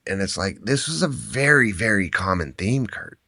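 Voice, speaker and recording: Deep, bright-toned male podcast guest. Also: moderate pace, creaky, no echo, studio quality. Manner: animated, repeats and restarts words while telling stories. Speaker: guest, endurance athlete and author. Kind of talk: conversational podcast storytelling.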